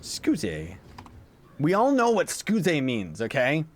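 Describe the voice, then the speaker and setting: Here a young gamer livestreams with a fairly high, lively voice at a moderate pace, bantering with his audience and answering their questions in a playful way. Game music runs underneath, along with a little hiss or hum.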